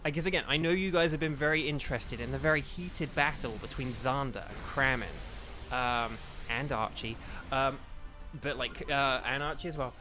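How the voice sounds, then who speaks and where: A man's voice: mid-range voice, normal speed, pushed and bright, soft background music. An English man chatting casually to his viewers while playing a game, rambling and easily sidetracked, with lots of ums and restarts. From England. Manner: chatty, distractible, full of fillers and restarts. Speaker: streamer. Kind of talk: casual livestream chat while gaming.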